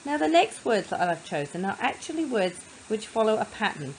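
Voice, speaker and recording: A woman tutor explaining how to divide words into syllables, sounding words out slowly and patiently. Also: medium pitch, very animated, a little mellow, slight background noise, poor audio. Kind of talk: phonics lesson explanation.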